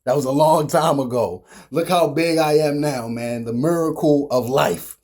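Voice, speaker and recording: A man's voice: a little high, moderate pace, darkish tone. A man in his forties with a Baltimore accent, casually chatting and teasing in a family vlog. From Baltimore, Maryland. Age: 40s. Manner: playful, teasing, laughs often. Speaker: vlogger.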